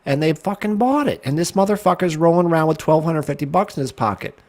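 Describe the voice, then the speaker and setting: A man's voice: a little high, expressive, fast. Middle-aged man, co-host, sarcastic, blunt, swears a lot, on a video call. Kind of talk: casual banter.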